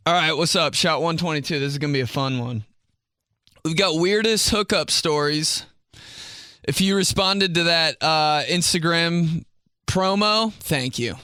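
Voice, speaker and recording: A man's voice: fairly high pitch, unhurried, sharp tone, clean tone, no echo, studio quality. A young man hosting a casual comedy podcast, chatting animatedly, laughing often and slipping into mock voices. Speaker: podcast host.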